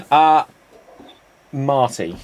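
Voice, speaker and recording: A man hosting a live improv comedy stream, telling quick joke setups and calling on players by name with easy chuckles. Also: mid-range voice, a little hiss or hum. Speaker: improv show host.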